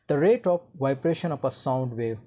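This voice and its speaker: A teacher delivers an explanatory online lecture in a mellow, dark-toned voice at an ordinary middle pitch. The explaining goes step by step, with frequent restarts and "uh, like" fillers between points. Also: lively intonation, normal speed.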